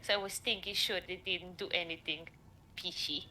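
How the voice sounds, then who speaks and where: A woman's voice: fairly low pitch, fairly even intonation, moderate pace, sharp tone, a little hiss or hum. A woman voicing a blunt, lonely huntress in a put-on Russian accent. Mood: gruff. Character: big lonely female huntress, blunt and suspicious.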